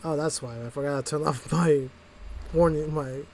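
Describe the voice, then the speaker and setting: A man's voice: a little high, fairly even intonation, normal speed, darkish tone, a little hiss or hum. Rambling, self-mocking male streamer. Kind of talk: casual gameplay commentary. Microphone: desk mic.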